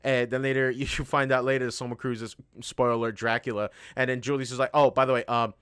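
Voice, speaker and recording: A man's voice: mid-range voice, quick pace, clean tone, no echo, clean studio sound. A man co-hosting a podcast, casually retelling a show's plot with lots of swearing and laughter. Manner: profane, animated retelling with laughs. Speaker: podcast co-host. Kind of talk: casual chat.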